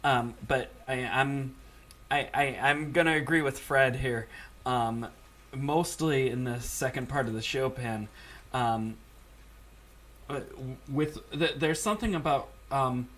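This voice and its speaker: Halting, stammering male judge. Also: mid-range voice, fairly bright tone. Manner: halting, stammering restarts, laughs easily. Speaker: competition judge. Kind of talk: spoken feedback to a young performer.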